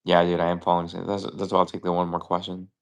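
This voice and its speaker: Young man, low-pitched, creaky, casual stream host, stammering, self-correcting. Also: monotone, fast talker. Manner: thinks aloud, stammers and corrects himself. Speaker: live-stream trivia host. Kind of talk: casual live-stream chat.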